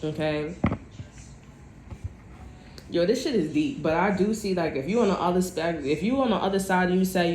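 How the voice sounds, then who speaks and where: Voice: medium pitch, normal speed, background noise. A tarot reader talking straight to viewers in a blunt, chatty, profane way. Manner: direct address to viewers. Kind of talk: casual tarot reading monologue. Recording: echoey room.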